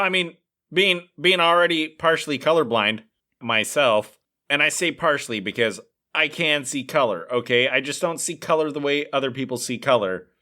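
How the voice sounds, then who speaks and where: A man with a mid-range, bright voice and a forceful tone co-hosts a casual podcast. In this relaxed chat he tells a rambling story packed with filler words.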